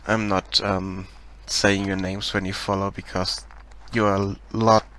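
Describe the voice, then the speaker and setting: A man from Germany with a German accent, casually talking through his game project on a live stream, hesitant, with many pauses and restarts. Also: low-pitched, level tone, noisy background. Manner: hesitant, many ums and restarts, laughs shyly.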